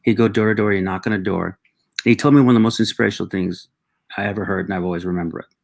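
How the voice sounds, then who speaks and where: A middle-aged man, a talk show guest, telling reflective personal stories with halting restarts. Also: lowish voice, fairly even intonation, vocal fry. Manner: reflective, halting, with frequent restarts and acted quotes.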